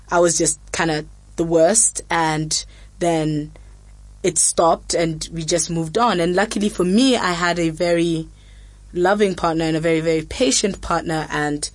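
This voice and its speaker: A woman's voice: fairly low pitch, dry recording. A young woman, hosting a frank, casual chat full of fillers and quoted asides. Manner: frank, chatty, many fillers, animated quotes. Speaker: podcast host.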